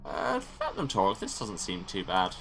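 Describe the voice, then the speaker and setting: A man's voice: fairly low pitch, wildly swooping pitch, a little slow, vocal fry, a bit bright, a little hiss or hum. A man hosting a game playthrough, reading the story text aloud and adding wry asides. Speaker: let's play host.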